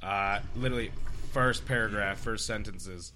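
A man's voice: lowish voice, normal speed. A man, a bartender, telling a workplace story in a laid-back podcast chat, sprinkled with "literally" and "like".

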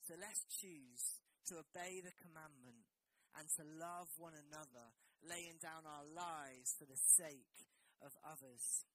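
A woman pastor giving an animated, conversational sermon that moves between punchy lines and quiet asides. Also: deep voice, a little slow, husky, poor audio. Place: church.

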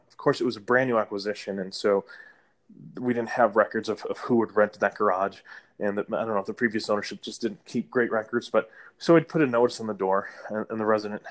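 A man who works as a property manager, telling a rambling work story in a casual interview, with restarts and light laughter. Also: on the low side.

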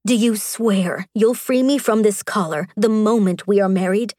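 A woman voicing a fierce young noblewoman bride in an audiobook, sharp and defiant. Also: mid-range voice, moderate pace, dry recording, studio quality, natural voice. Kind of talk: audiobook character voice.

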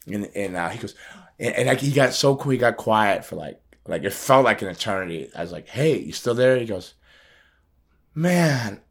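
A middle-aged man with a fairly low voice, telling a personal story in loose, casual chat. He jumps into quoted conversations with lively shifts and laughs often as he goes. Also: moderate pace, slightly rough. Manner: animated, acts out quoted phone calls, laughs often. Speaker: podcast host telling a story.

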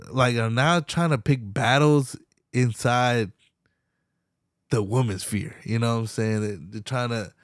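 Young male podcast host, profane and animated, mid-pitched voice, dry close mic. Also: no echo. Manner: profane, animated, slangy, laughs often. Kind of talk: casual solo podcast rant.

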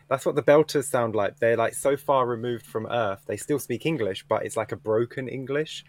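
A man's voice: medium pitch, moderate pace, no echo. Sardonic man with a dry, close sound. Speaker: book club panelist. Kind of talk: casual podcast chat.

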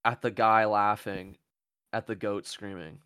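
A man's voice: on the low side, little pitch movement, unhurried, pushed and bright, clear, resonant tone, no room sound, studio quality. A man hosting a casual comedy podcast, joking and swearing as he rambles. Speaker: podcast host.

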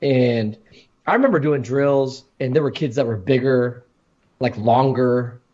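Unhurried and a little mellow, this medium-pitched man reminisces about his college football recruiting on the podcast he co-hosts. A former player, he rambles with plenty of restarts, and the recording is muffled.

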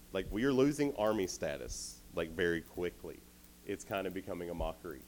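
A man's voice: low voice, fairly quick, a little hiss or hum. Playful man preaching to teens. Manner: animated, playful, addresses the crowd directly. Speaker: youth camp speaker. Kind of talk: youth sermon storytelling.

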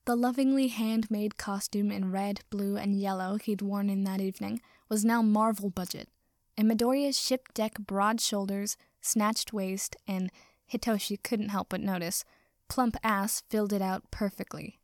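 A woman reading a story aloud with wry, even storytelling. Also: medium pitch, unhurried, no echo, studio quality. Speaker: reader. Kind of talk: fan fiction reading.

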